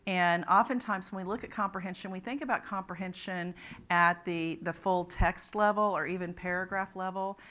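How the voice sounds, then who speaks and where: A woman's voice: fairly low pitch, steady tone, moderate pace, fairly bright tone. A woman presenting a literacy talk at a conference, explaining ideas step by step with frequent restarts. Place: conference room.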